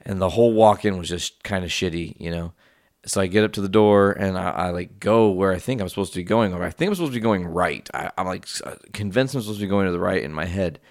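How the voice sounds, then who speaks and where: Man, young, low deep voice, dry close sound, casual rambling monologue, swears a lot. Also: dry recording. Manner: rambling, profane, with quick asides. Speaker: podcast host.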